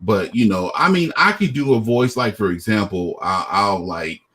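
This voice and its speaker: A man's voice: fairly low pitch, expressive, moderate pace, fairly bright tone, a little hiss or hum. A middle-aged man chatting casually as a guest, hesitant and full of fillers. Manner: hesitant, many fillers and restarts. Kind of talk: casual chat.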